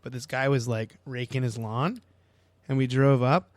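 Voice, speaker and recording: Young man telling profane, animated stories. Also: mid-range voice, moderate pace, dry recording. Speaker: podcast co-host. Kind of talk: casual chat.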